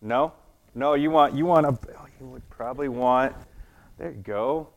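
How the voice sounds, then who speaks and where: A man's voice: medium pitch, normal speed, vocal fry, lo-fi sound. Playful man teaching kids a lesson. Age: adult. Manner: casual, chatty, asks kids questions; laughs at his own jokes, playful. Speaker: children's church teacher. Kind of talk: children's sermon with object lesson.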